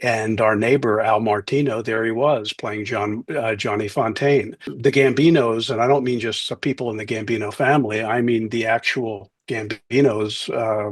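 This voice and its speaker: A man's voice: lowish voice, no echo. A middle-aged man telling wry stories in an interview, acting out the voices of people he quotes. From New Jersey, USA. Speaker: author and guest. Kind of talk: interview storytelling.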